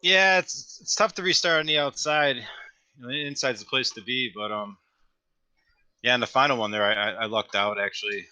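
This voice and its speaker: A man who is a sim racing driver, answering post-race questions modestly and haltingly, full of "you know" fillers. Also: medium pitch, sharp tone, smooth, dry recording.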